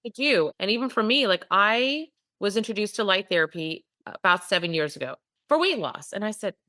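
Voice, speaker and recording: A woman interviewed as a podcast guest, telling her story in an animated way and acting out what people said. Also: mid-range voice, fairly quick, no room sound. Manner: animated, acts out quotes. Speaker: podcast guest, company founder.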